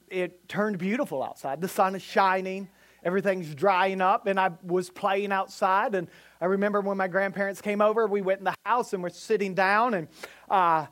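A man's voice: high-pitched, fairly bright tone. A man, preaching and telling a vivid personal story with hesitant restarts. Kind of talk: sermon storytelling.

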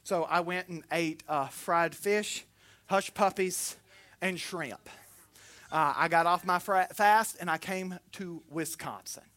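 A Southern man preaching with a bright, forceful edge to his voice. He talks in a folksy, joking way, rising loud and dropping soft by turns, like a pastor at the pulpit. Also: high-pitched, slow pace. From Florida. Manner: folksy, humorous, swings between loud and soft. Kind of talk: sermon.

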